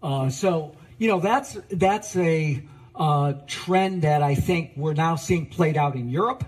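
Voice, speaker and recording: A man's voice: a little high, slow, darkish tone, breathy edge, soft background music. A man answering a news interview hesitantly, stopping and restarting often. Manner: hesitant, many fillers and restarts.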